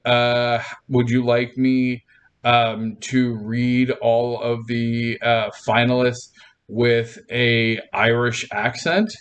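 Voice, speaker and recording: Male stream host, mid-pitched, slow and rambling, playful with his chat, laughs a lot. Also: steady tone, clear, resonant tone, muffled recording. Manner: rambling, restarts, laughs often, upbeat and playful. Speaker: livestream host. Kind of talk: casual livestream chat with viewers.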